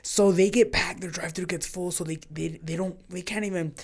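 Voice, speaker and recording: A man guest on a podcast, a jiu-jitsu gym owner and coach, telling a story in a casual, animated way and acting out the voices of the people he quotes. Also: high voice, fairly quick, crowd noise. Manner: animated storyteller who acts out quoted exchanges.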